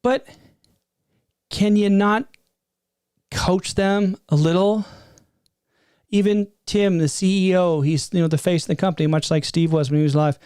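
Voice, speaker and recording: A man in his fifties giving a rambling, animated spoken reaction from his desk, with exasperated asides. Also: sits high, normal speed, pauses often, smooth, no room sound, studio quality. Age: 50s. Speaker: tech streamer. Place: at a desk before a green screen.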